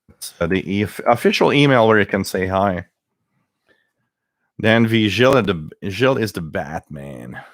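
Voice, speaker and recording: Male live-stream host, low voice, dry close sound, rambling casual chat with restarts and laughs. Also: lively intonation, moderate pace, no echo. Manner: mimics others with a raised voice. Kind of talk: casual chat reading viewer comments.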